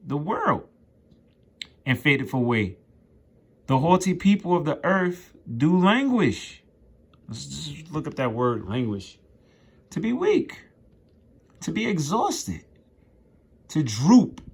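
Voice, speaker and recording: A man teaching scripture in an informal, emphatic way, reading verses aloud and riffing on them in rough, profane slang. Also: a little high, big pitch swings, slow pace, long pauses. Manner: reads scripture aloud then riffs on it. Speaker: street preacher.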